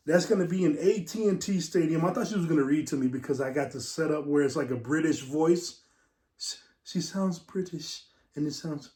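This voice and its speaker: A man's voice: a little high, darkish tone, reverberant. A man from West Texas, hosting a casual vlog and rambling from topic to topic as he talks to viewers. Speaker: show host. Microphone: camera mic.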